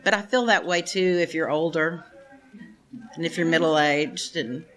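A woman's voice: low voice, unhurried, fairly bright tone. A woman in her fifties giving a frank, personal testimony to a group at a recovery meeting, talking straight to the room, swearing and laughing often. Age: 50s. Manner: addresses the room directly. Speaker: speaker sharing at a recovery meeting.

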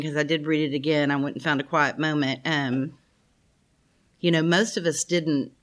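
A middle-aged woman giving a heartfelt, self-deprecating talk to an audience in a meeting room. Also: low-pitched. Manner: chatty and self-deprecating, calls the room "y'all". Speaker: guest speaker at a recovery meeting. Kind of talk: heartfelt personal share to an audience.

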